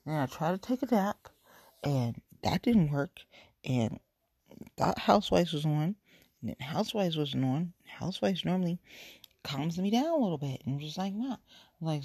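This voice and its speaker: A woman's voice: deep voice, warm tone, slightly rough, no echo, clean studio sound. A middle-aged woman hosting a casual solo podcast, venting in a rambling, exasperated way and repeating herself. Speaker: podcast host.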